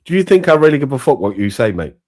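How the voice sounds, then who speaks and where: A man's voice: medium pitch, big pitch swings, fast talker, darkish tone. A man, a caller trading aggressive, profane insults in a heated online argument. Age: 40s.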